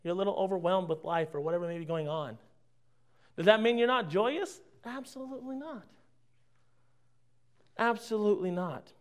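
Animated high-voiced male preacher. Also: fairly quick, clear, resonant tone. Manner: animated, rhetorical questions to congregation; swings between loud emphasis and quiet asides. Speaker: pastor. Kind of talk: sermon.

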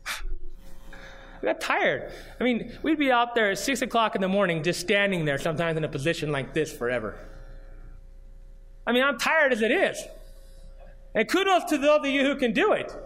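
High-pitched guy preaching, reads scripture, keeps asking the congregation questions, earnest. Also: very animated, brisk, pauses often, fairly bright tone. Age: adult, grew up and did junior high marching band. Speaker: pastor. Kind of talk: sermon.

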